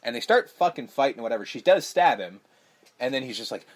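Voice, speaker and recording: Man, podcast host, casual movie recap, swears a lot, acts out scenes, mid-pitched voice. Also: fast talker. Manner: profane, animated, acts out movie lines.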